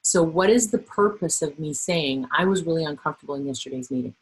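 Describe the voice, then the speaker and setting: A middle-aged woman trainer presenting a workplace webinar, animated and acting out the voices she quotes. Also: low-pitched, quick pace, slightly rough, rough recording.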